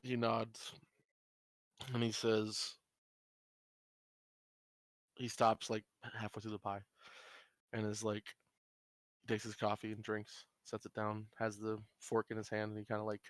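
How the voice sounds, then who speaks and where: A man's voice: lowish voice, monotone, measured pace, pauses often, no room sound. A man acting as game master, casually narrating a character's actions step by step and using loose fillers.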